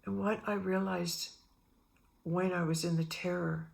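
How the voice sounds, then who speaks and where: Speaking a little slowly in a fairly low, creaky voice, a middle-aged woman shares meandering personal stories on her spiritual vlog. She rambles animatedly, re-enacting scenes and performing the voices of the people she describes.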